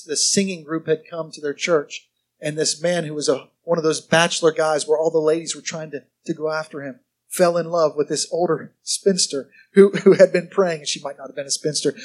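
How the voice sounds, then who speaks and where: A pastor delivers a sermon in a high, bright-toned voice. His delivery is conversational and humorous, and he frequently quizzes his congregation.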